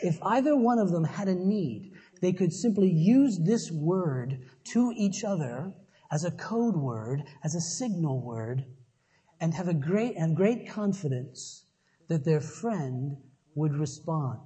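A man's voice: a little high, expressive, slow pace, dark tone, husky. Earnest male preacher, sermon delivery with emphatic repetition, long hall reverb.

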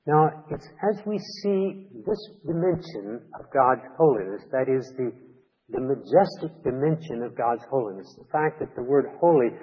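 A man's voice: medium pitch, expressive, moderate pace, slightly rough. A man preaching a sermon as a pastor, earnest and emphatic, repeating key words for weight. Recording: long reverb, dull lo-fi sound.

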